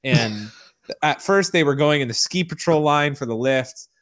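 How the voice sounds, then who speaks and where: A man's voice: fairly high pitch, animated, unhurried, fairly bright tone, dry recording, clean studio sound. A man co-hosting a casual podcast, telling stories in a laid-back, laughing way. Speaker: podcast co-host.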